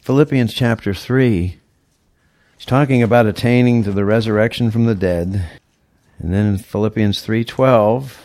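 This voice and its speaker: Guy preaching a sermon, lowish voice, dry close sound, really stresses the key words. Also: moderate pace, darkish tone, dry recording. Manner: teacherly, emphatic, walks through scripture verse by verse. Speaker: pastor.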